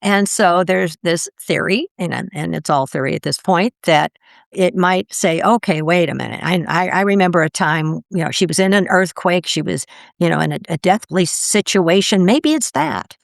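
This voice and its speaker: Older woman, gravelly, low-pitched, chatty storytelling, jumps high when quoting people, dry recording. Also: normal speed, dry recording. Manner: animated, acts out quoted voices with big pitch jumps. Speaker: podcast guest. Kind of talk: conversational storytelling.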